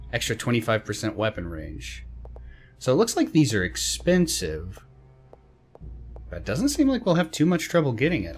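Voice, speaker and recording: A man running a casual let's play, reading menu text aloud and tossing in quick, chatty reactions. His voice sits a little low. Soft game music plays faintly behind him. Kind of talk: casual gameplay commentary.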